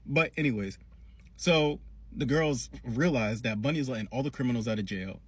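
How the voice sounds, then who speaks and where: Brief: male reviewer, husky, slangy casual recap, lively storyteller. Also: mid-range voice, moderate pace. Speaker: cartoon reviewer.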